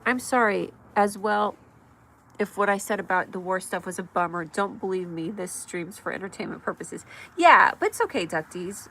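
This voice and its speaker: A woman hosting a casual livestream from her mother's house at night, chatty and rambling, reading the chat aloud with frequent laughs and sudden excited shouts. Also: mid-range voice, normal speed, a little hiss or hum. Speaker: livestream host.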